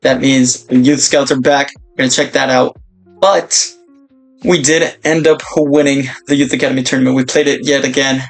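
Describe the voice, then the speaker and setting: A young man commentating his own football video game career, breaking into excited shouts at big moments. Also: medium pitch, moderate pace, creaky, soft background music. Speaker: gaming YouTuber.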